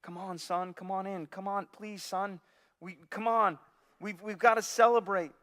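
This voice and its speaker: A man in a sermon voicing a compassionate father gently pleading with his grown son, with long reverb around him. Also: very high voice, moderate pace, pitched above the performer's own voice.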